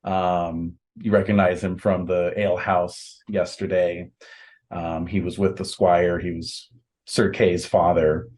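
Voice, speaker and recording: A man narrating a tabletop game as game master, describing scenes at length with many fillers and pauses. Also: sits low, level tone, darkish tone. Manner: descriptive, halting with fillers, acts out voices.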